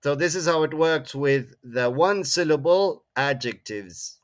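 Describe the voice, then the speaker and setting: Slow male English teacher. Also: on the high side, animated. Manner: frequent tag questions "no?" and "eh?", repeats words. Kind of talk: classroom grammar lesson.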